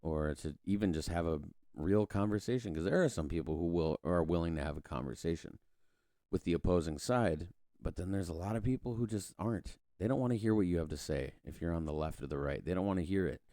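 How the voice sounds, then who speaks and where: A man's voice: sits low, brisk, dark tone, no room sound, studio quality. A man hosting a podcast, rambling through a casual political monologue with frequent restarts and casual swearing. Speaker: podcast host.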